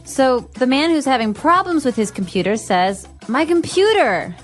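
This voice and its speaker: A woman co-hosting an English-learning podcast, explaining phrases clearly and giving example sentences in casual chat. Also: on the high side, animated, normal speed, soft background music. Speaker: podcast co-host and English teacher.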